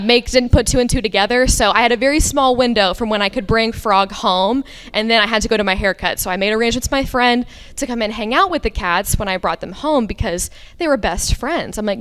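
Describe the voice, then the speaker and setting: Young woman, story slam teller, comic and profane, rambling, clear smooth voice, fairly high. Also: a bit bright. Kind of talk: live story slam telling. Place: on stage at a live story slam.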